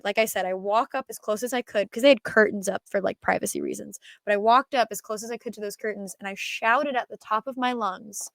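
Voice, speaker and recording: Crisp-voiced young woman telling stories. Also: mid-range voice, dry recording. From Minnesota. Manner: animated, laughing, telling anecdotes. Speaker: podcast guest. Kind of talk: casual storytelling.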